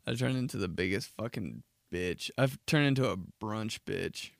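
A young man hosting a casual solo podcast, ranting profanely and acting out mocking quotes in shrill voices. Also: expressive, normal speed, vocal fry, hardly any pauses, no echo, clean studio sound. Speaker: podcast host.

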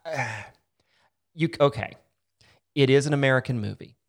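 A man hosts a podcast in relaxed conversation, his voice sitting at an ordinary middle pitch. He talks with animated, joking emphasis while discussing a film with his co-host. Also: moderate pace, creaky. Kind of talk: casual podcast chat.

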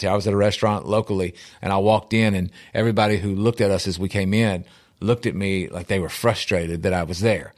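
A man talking as a guest on a talk show, animated and telling stories with easy laughs. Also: sits low, fast talker. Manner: animated, storytelling, laughs easily. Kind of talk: casual talk-show conversation.

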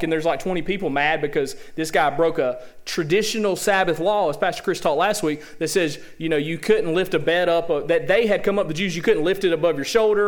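A man preaching a sermon in a lively, joking way, often tossing rhetorical questions to the congregation. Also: high voice.

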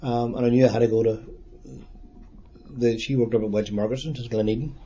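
A man in his sixties with a Derry accent, recalling past events in a halting, plain-spoken way during an oral history interview. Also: mid-range voice, steady tone, warm tone. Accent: Northern Irish, Derry. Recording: dull lo-fi recording.

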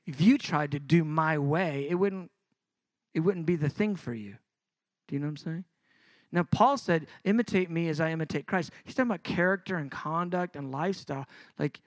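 A middle-aged man preaches in an animated, conversational style, his voice building in intensity as he goes. His voice sits somewhat high for a man. The recording is dry and close, with little room sound. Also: dry recording. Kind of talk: sermon.

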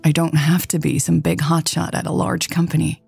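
A woman's voice: sits low, flat delivery, brisk, gravelly, a little mellow, slightly rough, faint music behind, heavily acted. Woman reading awkward nervous young woman. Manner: awkward, stammering.

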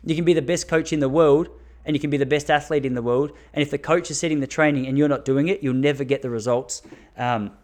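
A man's voice: a little high, fairly even intonation, quick pace. A man, a running coach talking frankly to his listeners in a casual solo podcast, with fillers and restarts. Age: 30s.

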